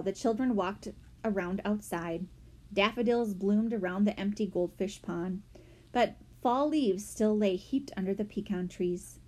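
A woman narrating a children's mystery audiobook with expressive storytelling. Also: mid-range voice.

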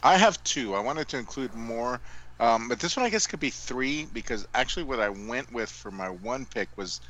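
A man's voice: medium pitch, expressive, moderate pace, fairly bright tone, rough recording. A man co-hosting a casual movie podcast, meandering with jokey asides. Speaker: podcast co-host.

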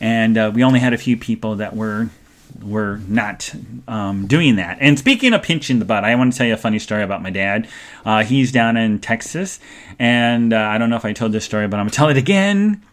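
A man's voice: expressive, brisk. A male host chatting live to his audience, rambling from one story to the next. He talks in a loose, casual way, full of fillers and restarts. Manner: greets chat viewers in a sing-song high voice. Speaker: podcast host. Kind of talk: live-stream casual chat.

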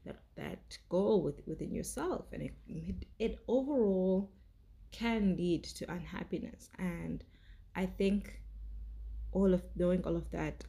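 Chatty young woman with a gravelly voice. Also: lowish voice, measured pace, dark tone. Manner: chatty and effusive, with many "like"s. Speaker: TV show reviewer. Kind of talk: casual review chat.

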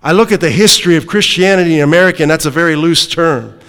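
A male preacher with a high-pitched voice delivers an emphatic sermon, pressing points home and asking the congregation questions. His voice rings out with a long reverb, as if from a church sanctuary. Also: quick pace, a bit bright, smooth.

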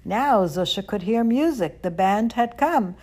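A woman reading a children's story aloud, gentle and expressive. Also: medium pitch, a little slow.

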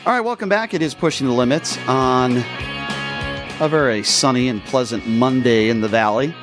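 A man hosting a radio talk show, telling stories in an animated, exasperated way. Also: medium pitch, normal speed, over loud music. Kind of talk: casual storytelling chat.

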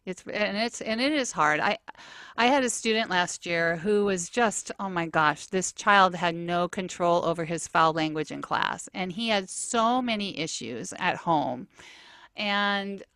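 A woman's voice: mid-range voice, a little slow, dry recording. Woman telling classroom stories, dry sound. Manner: storytelling, animated, acts out quotes. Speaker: teacher. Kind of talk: casual podcast chat.

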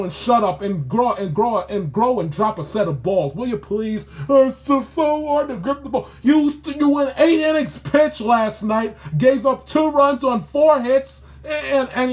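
A man ranting in sports commentary, exasperated and scolding, repeating himself as he builds his point. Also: very high voice.

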